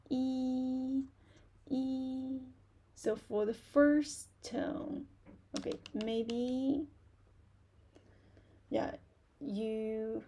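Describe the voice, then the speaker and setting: A woman teaching a live online beginner Chinese class, speaking slowly and patiently and repeating words for learners to copy. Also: on the high side, creaky, dark tone.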